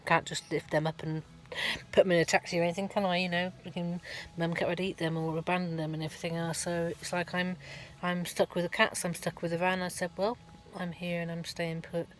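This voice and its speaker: A woman's voice: fairly low pitch, little pitch movement, fast. A middle-aged woman, giving a rambling, chatty vlog update from her van at a garage, full of ums and restarts. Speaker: van life vlogger.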